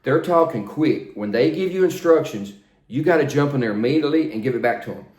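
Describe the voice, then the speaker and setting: An older man working as a flight instructor, coaching in a plain, steady, repetitive way. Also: mid-range voice, a little fast. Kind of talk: spoken instruction, demonstrating radio calls. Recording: roomy echo.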